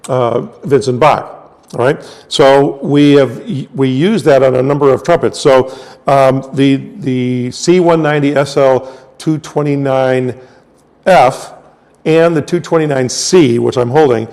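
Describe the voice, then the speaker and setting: A middle-aged man from the United States explains trumpet designs patiently and methodically, often pausing to check in with his listener. His voice sits at an ordinary pitch for a man. The recording carries a long, lingering reverb. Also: darkish tone. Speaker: trumpet product specialist. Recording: reverberant room with long echo.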